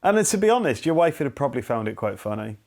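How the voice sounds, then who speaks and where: Lively, playful English man. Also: medium pitch, rapid-fire. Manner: playful, teasing, laughs often. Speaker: podcast co-host. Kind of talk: casual podcast chat.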